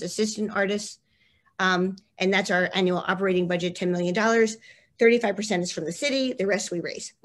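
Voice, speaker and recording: A woman leading a mural arts program, giving an enthusiastic slide presentation full of "like" and emphatic asides. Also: mid-range voice. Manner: effusive, lots of "like", emphatic. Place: online talk.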